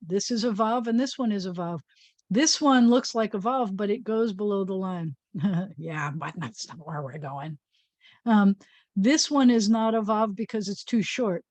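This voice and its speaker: A woman's voice: mid-range voice, darkish tone, no echo. A woman rabbi teaching a Hebrew reading lesson, patiently explaining and sounding out words.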